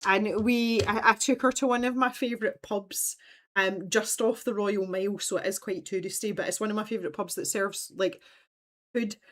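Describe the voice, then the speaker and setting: A woman's voice: mid-range voice, steady tone, normal speed, a bit bright. A woman hosting a casual craft livestream, telling long, rambling stories and reading out viewer comments. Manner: rambling, chatty storytelling, reads out viewer comments.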